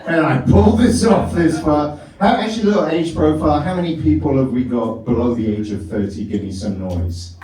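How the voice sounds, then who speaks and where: A man's voice: on the high side, a little fast, warm tone. A middle-aged man doing a rambling, self-mocking stand-up set, often laughing at his own jokes. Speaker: stand-up comedian. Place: comedy club stage. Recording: echoey club from far off with crowd.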